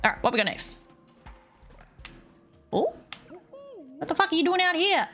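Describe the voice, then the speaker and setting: An excitable woman streamer commenting live on her game and swearing freely as she plays. Her voice is high and very bright, with pitch that leaps around constantly. Faint game music hums behind her. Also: normal speed. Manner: excitable, foul-mouthed, talks to the game.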